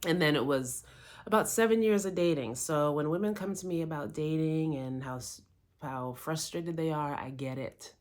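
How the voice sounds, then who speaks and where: A woman's voice: low voice, normal speed. A middle-aged woman, a life coach, candidly telling a personal story with lots of quoted self-talk.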